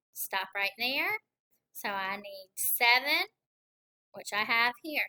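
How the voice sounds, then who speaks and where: A woman teaching a kindergarten lesson, counting aloud slowly and encouraging young children. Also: on the high side, bright, forceful tone, rough recording. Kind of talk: recorded classroom lesson.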